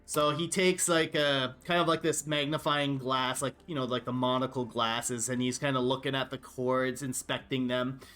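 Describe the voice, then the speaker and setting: A man's voice: mid-range voice, little pitch movement, normal speed, hardly any pauses, a bit bright, soft background music. A man narrating as game master in a tabletop game, describing scenes loosely and laughing often.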